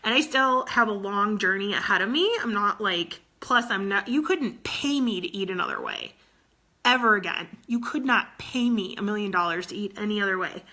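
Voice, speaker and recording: A woman's voice: mid-range voice, normal speed, pushed and bright. A woman in her thirties, a fitness coach, talking earnestly to her team while close to tears, often repeating herself. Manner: earnest, tearful, repeats phrases. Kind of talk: emotional motivational talk to her team.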